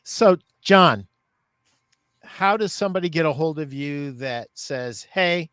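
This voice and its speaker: Man, podcast host, earnest and heartfelt, slightly high voice, dry sound. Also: lively intonation, a little slow, fairly bright tone, clear, resonant tone, dry recording. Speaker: podcast host, store owner. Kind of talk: podcast interview.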